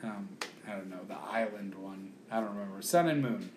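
A man co-hosting a podcast, telling stories in an animated, jokey way with lots of swearing. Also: fairly low pitch, a little fast, reverberant, slight background noise. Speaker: podcast co-host. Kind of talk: casual chat.

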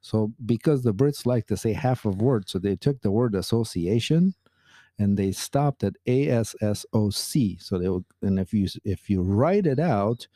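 On a dry, studio-quality recording, a man co-hosting a podcast speaks at normal speed in a mellow, lowish, animated voice. He's a chatty storyteller who laughs often in casual conversation.

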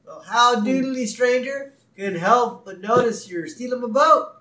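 A man's voice: extremely high pitch, lively intonation, measured pace, pushed and bright, far from the mic, voice pushed up, heavily acted. A man putting on an overly cheerful, square middle-aged male neighbor with a singsong way of talking. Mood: chirpy. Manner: chirpy, singsong. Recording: roomy echo.

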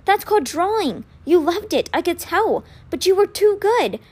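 A woman's voice: extremely high pitch, big pitch swings, normal speed, darkish tone, voice pushed up. Woman voicing a pleading teenage twin boy. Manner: pleading, urgent.

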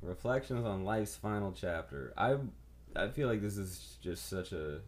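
Male co-host, animated pitch, wry and profane, casual banter. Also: measured pace. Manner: wry, teasing, swears freely. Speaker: podcast co-host and comic. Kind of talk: casual chat.

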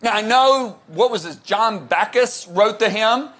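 A man preaching a sermon, animated and joking, shouting some words for emphasis and rambling with restarts. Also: sits high, measured pace. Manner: rambling with restarts, jokey asides.

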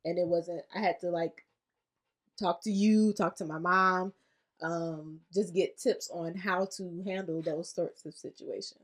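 Candid woman with a lowish voice. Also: steady tone, unhurried. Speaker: podcast co-host. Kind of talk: casual couple chat.

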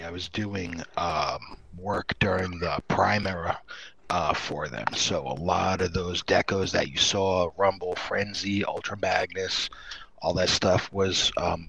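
A man's voice: low voice, fairly even intonation, unhurried, gravelly, fairly bright tone, husky. A man with a Rhode Island accent, chatting easygoing as a guest on a casual podcast.

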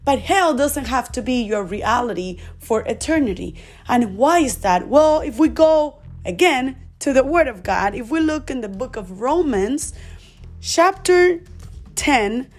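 A woman's voice: high-pitched, lively intonation, slow pace, faint music behind. A woman preaching a recorded sermon, earnest, asking rhetorical questions and then leading listeners in prayer. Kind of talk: recorded sermon with altar call.

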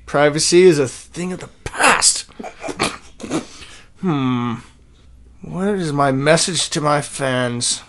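A man's voice: fairly high pitch, slow, pauses often, a bit bright. A man doing a smug drawling killer voice. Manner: lazy drawl, smug and mocking. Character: drawling grown male killer answering fan questions.

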